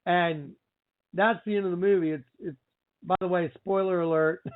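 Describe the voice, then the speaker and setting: Excitable guy hosting a preachy radio show, pretty high voice, tinny phone-line sound. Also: moderate pace. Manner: excitable, exclaiming, storytelling with repeated phrases.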